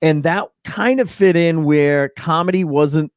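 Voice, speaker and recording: A man co-hosts a comedy podcast, explaining the show's ideas in a casual chat and agreeing often. His voice is slightly high, and the mic sound is close and dry. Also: unhurried, clear, resonant tone, dry recording. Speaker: podcast co-host.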